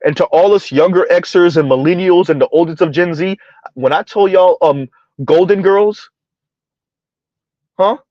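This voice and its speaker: A man hosting a reaction commentary, mocking his targets with repeated rhetorical questions and drawn-out words, speaking. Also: high voice, darkish tone, no room sound, lo-fi sound. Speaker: commentary video host.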